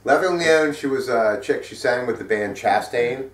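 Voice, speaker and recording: A man's voice: medium pitch, normal speed. Man, middle-aged, rambling, profane, casual co-host, distant mic, roomy echo. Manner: rambling, profane, many fillers. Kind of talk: casual metal news chat.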